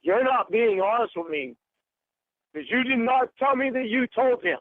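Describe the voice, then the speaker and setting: A man's voice: very high voice, expressive, normal speed, no echo. A man in a furious, swearing phone argument, hurling accusations. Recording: tinny phone line.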